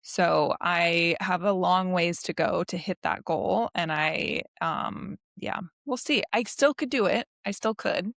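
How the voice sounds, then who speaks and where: Chatty woman podcaster, a bit of vocal fry, giggly, dry sound. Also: on the low side, slow, few pauses, fairly bright tone, no echo. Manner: chatty, hesitant fillers, giggly. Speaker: podcast co-host. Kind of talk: casual chat.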